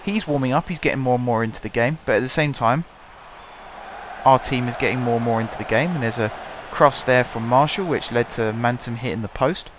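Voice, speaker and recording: A young man with a hoarse voice, chatting casually and calling the action play by play as he commentates his own football management game at home. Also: medium pitch, fairly quick, background noise. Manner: chatty, wry, calls the match play by play. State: hoarse from shouting. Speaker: gaming channel host.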